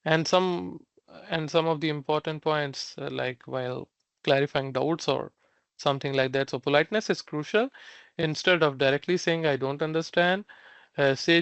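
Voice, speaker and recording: A man's voice: a little high, normal speed, gravelly, a bit bright, smooth, no room sound. A young man teaching a language class online, recapping the lesson with many fillers and restarts.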